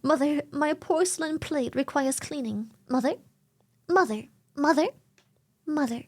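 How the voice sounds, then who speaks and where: A woman's voice: high-pitched, a little slow. A woman voicing her fussy, demanding male house cat, calling out over and over in a whiny way.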